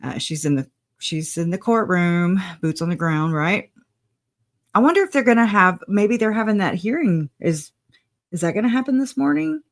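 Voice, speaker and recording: A woman's voice: mid-range voice, animated, moderate pace. A woman hosting a casual livestream, chatting, laughing often and greeting viewers by name. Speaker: livestream host.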